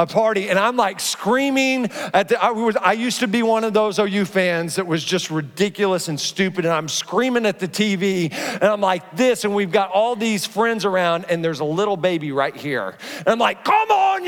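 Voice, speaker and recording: A middle-aged man preaching a sermon, animated, acting out his stories with frequent restarts. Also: high voice. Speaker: pastor. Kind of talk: sermon with personal storytelling. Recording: long reverb from a large hall.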